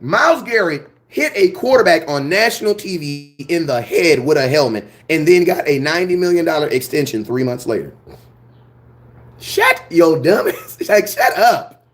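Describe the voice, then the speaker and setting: A man hosting a sports fan channel, ranting his opinions in a blunt, slangy, animated way. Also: on the high side, normal speed. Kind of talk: fired-up sports opinion rant.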